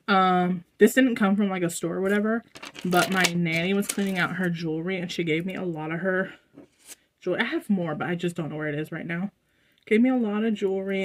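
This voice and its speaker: Chatty American woman, low voice. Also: slight background noise. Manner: chatty, rambling, fillers and asides to viewers. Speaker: vlogger. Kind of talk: casual haul vlog. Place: indoors at home.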